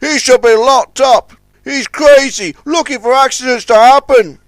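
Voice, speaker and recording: A man's voice: extremely high pitch, measured pace, no room sound, voice pushed up. A man voicing a snobbish, sniffy male tugboat who speaks in a haughty, disapproving way.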